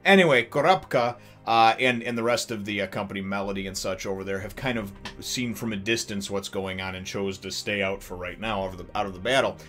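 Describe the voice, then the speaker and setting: A man hosting a casual episode review, rambling and animated, full of fillers, chuckles and acted-out bits. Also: fairly low pitch, a little fast, hardly any pauses, faint music behind. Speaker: anime reviewer and channel host.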